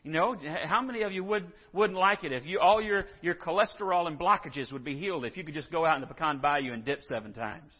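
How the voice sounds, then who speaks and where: Animated preacher in an echoing hall. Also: male voice, fairly high pitch, quick pace, hardly any pauses, slightly rough. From Texas. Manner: animated storytelling, acts out scripture figures. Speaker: pastor. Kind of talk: sermon. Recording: muffled sound in a reverberant church hall.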